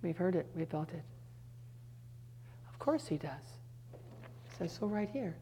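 An earnest middle-aged woman preaching in a sermon-style talk. Her voice sits fairly low and sounds mellow and warm. She slips into quiet, hushed asides between points. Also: expressive, measured pace, long pauses, a little hiss or hum.

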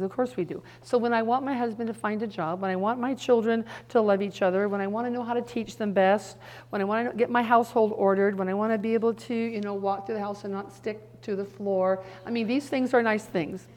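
A middle-aged woman giving an earnest sermon-style teaching, now and then dropping into soft hushed asides. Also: medium pitch.

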